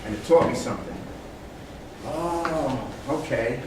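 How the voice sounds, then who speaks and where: A man with an expressive, medium-pitched voice speaks slowly, giving a motivational talk to a small audience and acting out animal voices in his stories with large shifts in energy. The recording is very noisy, echoey, and captured far from the speaker.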